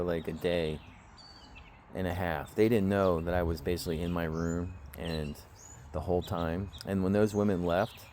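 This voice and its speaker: A man's voice: low-pitched, darkish tone, a little hiss or hum. A man telling a long, aggrieved story to the camera in a blunt way, swearing often, recorded outdoors. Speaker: vlogger. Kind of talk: casual storytelling rant. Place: outdoors in the woods.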